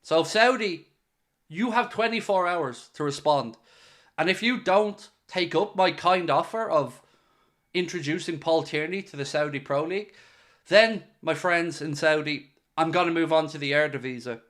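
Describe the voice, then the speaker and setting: Joking Irish man, slightly high voice. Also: normal speed, a bit bright. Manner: playful, sarcastic, mock-serious pitching. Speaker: football fan channel host. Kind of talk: casual solo commentary to camera.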